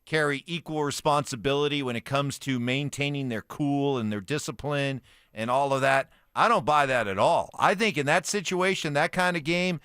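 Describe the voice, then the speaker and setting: A man's voice: medium pitch, normal speed, fairly bright tone, clean tone, no echo, clean studio sound. A man hosting a sports radio show, giving firm opinions and steering the segment.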